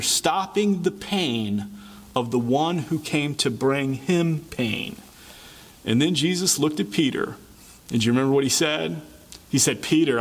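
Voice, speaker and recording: A man preaches a sermon in a somewhat high voice. He talks earnestly, asking his congregation rhetorical questions. He often repeats a word or two as he builds toward his point. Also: slightly rough. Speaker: pastor.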